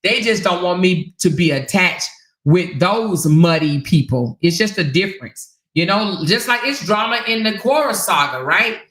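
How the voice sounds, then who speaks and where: A woman hosting her own stream, talking bluntly and swearing freely to her viewers, with laughter breaking in often. Her voice is sharp and bright, and it bounces around an echoey room. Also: on the low side, expressive, moderate pace. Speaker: channel host. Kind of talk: casual live-stream commentary.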